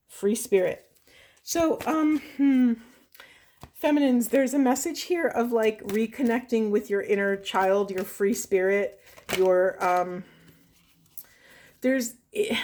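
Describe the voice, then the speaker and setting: A woman tarot reader in her thirties, talking to her viewers in an earnest, gently emotional way with many fillers. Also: mid-range voice. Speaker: tarot reader and spiritual coach. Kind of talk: casual spiritual reading monologue.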